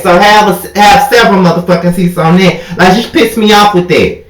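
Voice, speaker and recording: Young male vlogger, sassy and profane, jumps high when outraged, roomy echo. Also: moderate pace, crowd noise. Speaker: YouTube TV recap host. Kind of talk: casual reality-TV recap rant.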